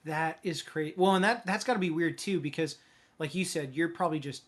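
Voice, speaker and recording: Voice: medium pitch, a little fast. A podcast host interviewing a guest, affirming often and asking long, multi-part questions in a chatty way.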